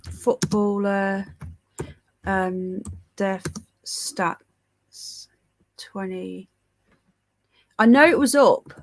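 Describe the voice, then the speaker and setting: A woman's voice: medium pitch, very slow, pauses often. A woman with a stuffy head cold hosting a livestream, reading headlines and chat aloud with sarcastic, scornful asides. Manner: sarcastic, scornful commentary, chatty asides to viewers. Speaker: livestream news host.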